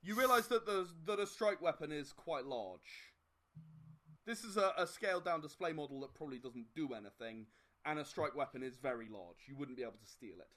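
Man, game master, tabletop game, lively swinging pitch, hesitant fillers. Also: a little fast. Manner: hesitant, filler-heavy, with sudden animated outbursts.

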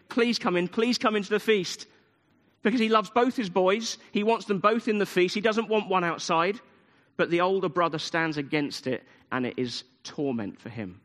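A man's voice: fairly high pitch, fairly bright tone. A man preaching a sermon, retelling a story with emphatic repetition. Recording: long hall reverb.

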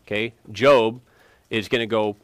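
A man's voice: fairly low pitch, fairly even intonation, a little slow, smooth, dry recording. A man teaching an interactive Bible lesson, emphatic and quizzing students for answers.

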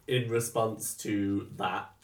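A man playing in a tabletop game, speaking slowly and hesitantly with frequent ums. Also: on the low side, level tone, echoey room, far from the mic. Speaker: player.

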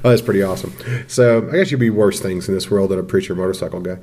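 A man's voice: low-pitched, racing, mellow, a little hiss or hum. Chuckling man telling stories on a podcast. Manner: anecdotal, chuckling storyteller who acts out quotes. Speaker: podcast co-host. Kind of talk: casual conversational podcast talk.

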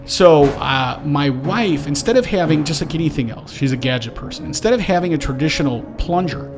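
Man, middle-aged, podcast host, animated storytelling, slightly high voice, home basement studio. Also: a little fast, over music. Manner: animated storyteller, acts out his own shouting. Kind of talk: casual chat.

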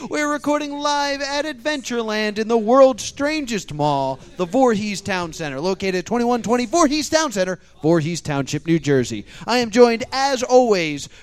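A man's voice: very high voice, expressive, moderate pace, few pauses, smooth. A man hosting a live comedy podcast, joking and laughing often. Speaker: podcast host. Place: live at a mall venue.

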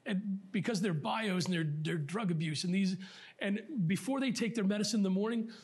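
High-voiced man preaching a sermon. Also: fairly quick, darkish tone. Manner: conversational, self-deprecating preaching with asides to the congregation. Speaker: pastor. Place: church sanctuary.

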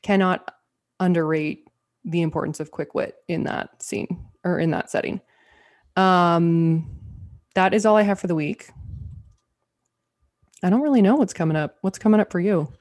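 A woman's voice: lowish voice, normal speed, long pauses, darkish tone. A woman co-hosting a podcast, reviewing TV shows in casual, rambling chat full of filler words.

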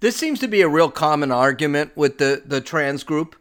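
A man's voice: fairly high pitch, lively intonation, normal speed, a bit bright, clear, resonant tone. A middle-aged man hosting a podcast, giving blunt, sarcastic commentary on clips he plays and repeating himself as he argues. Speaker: podcast host. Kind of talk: opinionated commentary on played clips.

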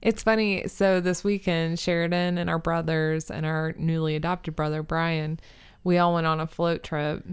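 A young woman co-hosting a casual chat podcast, talking in a dry, sarcastic, deadpan way. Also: deep voice, normal speed, smooth. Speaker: podcast co-host.

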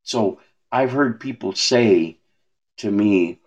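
A man talking about his faith in a relaxed way, asking rhetorical questions and often restarting his words. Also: on the low side, slow, pauses often. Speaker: minister. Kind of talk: preaching conversation.

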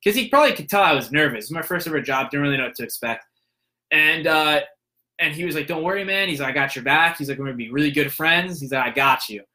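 A man's voice: fairly high pitch, lively intonation, quick pace, bright, forceful tone. A young man telling a story in a casual monologue, rambling with fillers and restarts and acting out the people he quotes.

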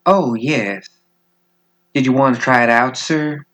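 A man's voice: mid-range voice, a little slow, a bit bright. A man voicing a sly, commanding woman who leads a troupe of dancers, in a cool, teasing way, in a storybook reading.

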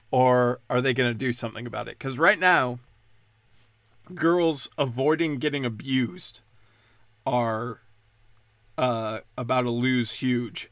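A man's voice: medium pitch, a bit bright, no echo. Male podcast host, mid-range voice, profane and sarcastic, loose rambling delivery, dry close sound. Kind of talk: casual rambling monologue.

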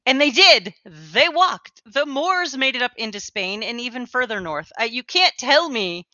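A woman's voice: on the high side, animated, measured pace, bright, forceful tone, no room sound, lo-fi sound. A woman co-hosting a podcast in casual chat, emphatic, often restarting and trailing off. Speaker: podcast co-host.

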